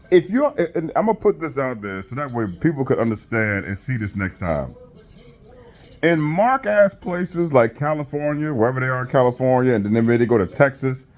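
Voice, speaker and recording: A man's voice: medium pitch, a little mellow. A man giving a profane, mocking rant while reviewing a wrestling show. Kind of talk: casual rant.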